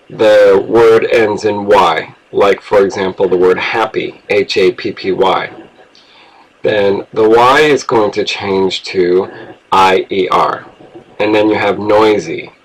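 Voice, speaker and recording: A man's voice: on the low side, low-quality recording. A man teaching an English grammar lesson, explaining rules patiently and spelling words out letter by letter.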